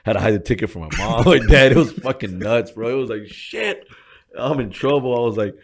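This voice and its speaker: A man, a gym co-owner, telling his story in a casual interview, swearing freely and speaking in animated slang. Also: mid-range voice, fast talker.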